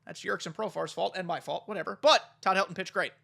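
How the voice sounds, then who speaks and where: High, bright-voiced excitable gaming man. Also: fast talker, creaky. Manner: excitable, chatty, talks to chat. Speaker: gaming YouTuber. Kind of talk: live gameplay commentary.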